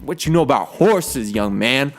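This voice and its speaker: A man voicing a proud old male golfer who raps boasts about his straight game in a measured, rhythmic delivery. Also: medium pitch, lively intonation, natural voice. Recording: faint game music behind.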